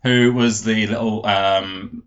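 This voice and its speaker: A man's voice: on the low side, fairly even intonation, takes it slowly, slight background noise. A man, a teacher co-hosting a casual chat, teasing and laughing often. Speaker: podcast co-host, primary school teacher. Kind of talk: casual banter. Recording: dull lo-fi sound.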